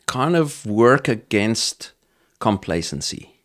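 A middle-aged man with a South African accent, a podcast guest who talks casually and hesitantly, often pausing on ums and restarting his sentences. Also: lowish voice, sing-song, no echo, clean studio sound. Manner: hesitant, thinking aloud with many ums and restarts. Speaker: podcast guest, entrepreneur and cattle farmer. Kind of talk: casual interview conversation.

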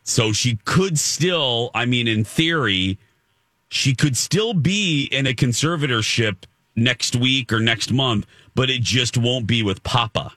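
A man's voice: mid-range voice, lively intonation, slow, pushed and bright, no echo, studio quality. A man hosting a radio show, joking around and asking follow-up questions in easy conversation. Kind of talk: casual radio show banter.

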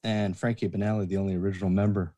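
Deep-voiced and racing along, a former promoter's assistant appears as a guest. He spins a backstage anecdote in a casual, animated manner, impersonating the people whose words he repeats.

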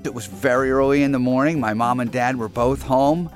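A man's voice: medium pitch, a little fast, soft background music. An older man being interviewed, telling his story candidly and with regret. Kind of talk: reflective interview recollection.

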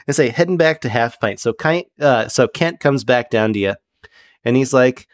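A man's voice: medium pitch, lively intonation, moderate pace, no room sound, studio quality. A man narrating as game master in a loose, chatty way. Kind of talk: casual tabletop game narration.

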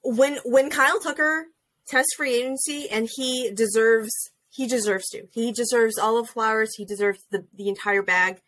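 A young woman co-hosting a podcast in casual chat, animated and joking, swearing freely, on a video call. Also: fairly high pitch, moderate pace. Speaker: podcast co-host.

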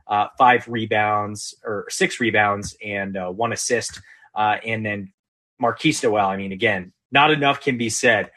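A man hosting a casual sports podcast, recapping games with energy and quick laughs. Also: mid-range voice, a bit bright. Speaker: podcast host.

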